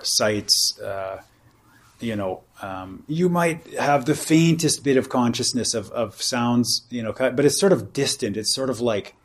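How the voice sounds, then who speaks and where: A man teaching meditation at a retreat, speaking in a casual, rambling way with many fillers such as "you know" and "like". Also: on the low side. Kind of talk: informal dharma talk at a retreat.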